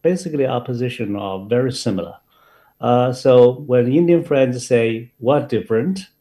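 A man answering as a panel guest, pausing often with lots of uh fillers. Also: mid-range voice, warm tone. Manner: hesitant, many uh fillers.

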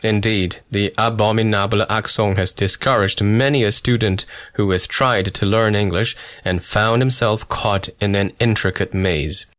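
A man with a fairly low voice reads a first-person memoir as an audiobook narrator. His delivery is measured and storytelling, steady from line to line.

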